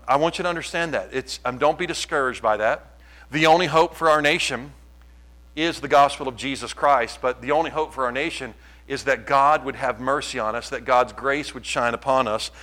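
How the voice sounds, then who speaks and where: A man preaching a sermon, impassioned and swinging from quiet to loud. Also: medium pitch, moderate pace, poor audio. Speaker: pastor.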